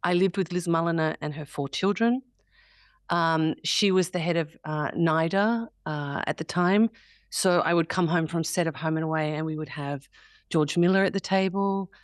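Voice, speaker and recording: A woman's voice: sits low, normal speed, no room sound, studio quality. A woman in her forties with an Australian accent, chatting as an interview guest, laughing often and acting out quotes. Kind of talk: casual interview chat.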